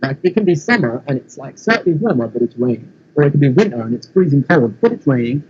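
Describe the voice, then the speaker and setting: A man's voice: medium pitch, sing-song, fast talker, darkish tone, muffled recording, a little hiss or hum. A man from England with a London accent, laid-back and casually swearing in a chat. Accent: London English.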